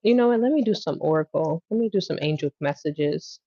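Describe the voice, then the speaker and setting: A woman giving a casual tarot reading on a livestream, talking bluntly with lots of swearing, bursting into loud laughter and acting out scenes. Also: sits low, lively intonation, brisk, no room sound, highs cut off. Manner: blunt, profane, laughs loudly and acts out scenes. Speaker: tarot reader.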